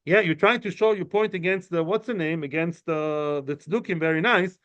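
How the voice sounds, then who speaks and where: Male teacher, high-pitched, conversational and digressive, dull low-fi recording. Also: normal speed, fairly bright tone. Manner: chatty, explains with many fillers and asides; answers questions from students. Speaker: Talmud teacher. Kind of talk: informal study-class lecture. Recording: muffled lo-fi recording.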